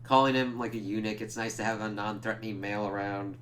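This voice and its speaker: A man's voice: fairly low pitch, steady tone, fast talker, fairly bright tone, slight background noise. A man giving a loose, casual recap of a TV episode, swearing freely and using lots of fillers. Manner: loose, profane, full of "like" fillers. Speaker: TV reviewer.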